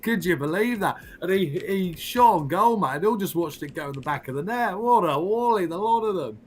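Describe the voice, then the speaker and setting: A man's voice: high-pitched, expressive, a little fast, slight background noise. A man doing a comedic impression of a blunt, swearing Australian football manager, with a broad Australian accent, tagging nearly every line with "mate". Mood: gleeful ranting. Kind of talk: comedic impression in podcast chat.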